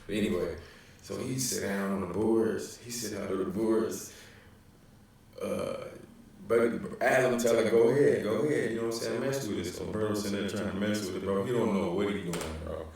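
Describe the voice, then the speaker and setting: A young man from Chicago tells a story in a relaxed, rambling way, with a Chicago accent and plenty of slang and fillers. His voice is low and gravelly. He sits away from the mic in a room that echoes heavily. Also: moderate pace, recorded from a distance. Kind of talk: casual storytelling.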